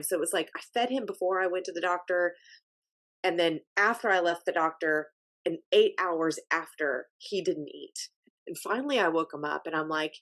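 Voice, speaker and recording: Woman, podcast host, low voice, casual chat, emphatic storytelling. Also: fairly bright tone.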